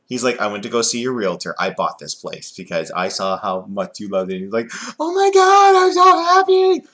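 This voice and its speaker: A man's voice: sits low, brisk, fairly bright tone. A man casually reviewing a wrestling reality show, rambling with many fillers and sarcastic asides.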